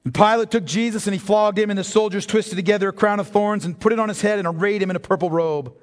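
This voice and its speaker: A man preaching a sermon as pastor, swinging from hushed reading to shouted emphasis. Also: high-pitched, fast talker. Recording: hall reverb.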